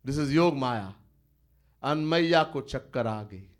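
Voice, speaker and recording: A man, a swami telling a devotional story in an animated way and chuckling often. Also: medium pitch, unhurried.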